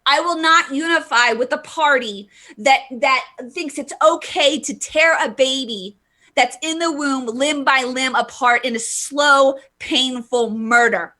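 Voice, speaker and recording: A woman with a high-pitched, bright, forceful voice speaks a little slowly while ranting heatedly about politics on her live vlog. She stresses words emphatically, stumbles and restarts, and reads out viewers' comments.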